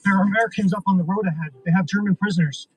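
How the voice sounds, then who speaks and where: An actor playing a tired young soldier who calls urgently over a field radio. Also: male voice, high voice, racing, natural voice, poor audio. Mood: wary. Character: weary young American soldier in wartime.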